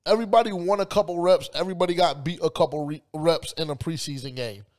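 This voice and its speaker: Brief: high-pitched man, heated podcast co-host, loud and profane, talks over everyone. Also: quick pace. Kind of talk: heated casual debate.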